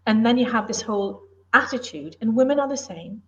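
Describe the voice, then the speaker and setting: A woman's voice: fairly high pitch, animated, fairly quick, a bit bright, muffled recording. A middle-aged woman from the UK, a former police officer and author, talking in an earnest, emphatic, plain-spoken way in a casual interview.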